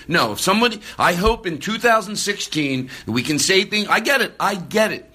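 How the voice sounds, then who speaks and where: Excitable rambling man, bright voice. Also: high-pitched, brisk, hardly any pauses. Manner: excitable, rambling with many restarts. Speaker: podcast host. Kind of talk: casual podcast talk. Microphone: phone. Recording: phone recording, far from the mic.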